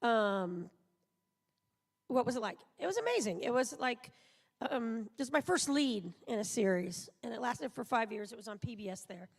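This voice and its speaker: A woman's voice: fairly high pitch, animated, normal speed, creaky. A woman voice actor telling rambling anecdotes at a live panel interview in a large convention auditorium. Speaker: voice actor guest. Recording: live hall sound, long reverb.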